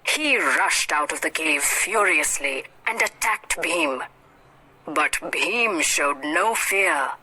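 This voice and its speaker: Slow, expressive woman reading a story. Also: sits low, breathy edge, poor audio. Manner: expressive, slow read-aloud. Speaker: English teacher.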